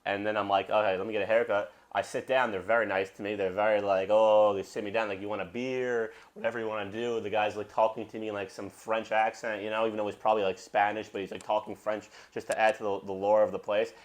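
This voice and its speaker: Fast-talking, profane young man. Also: lowish voice, flat delivery. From Brooklyn. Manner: rambling, profane storytelling. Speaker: podcast host. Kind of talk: casual podcast chat.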